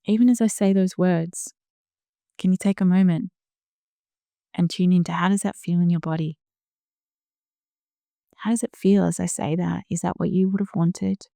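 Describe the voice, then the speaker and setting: A middle-aged woman hosting a solo podcast, talking in a gentle, slow, soothing way with soft hushed asides. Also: fairly low pitch, steady tone, creaky, no room sound, clean studio sound. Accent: Australian. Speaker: podcast host. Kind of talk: reflective solo podcast talk.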